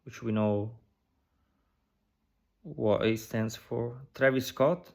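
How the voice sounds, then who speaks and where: A man giving casual, speculative commentary on a video, musing through a list of phrases with many pauses and frequent "you know" and "right?" asides. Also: mid-range voice, creaky, a little mellow. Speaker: video creator decoding an advertisement.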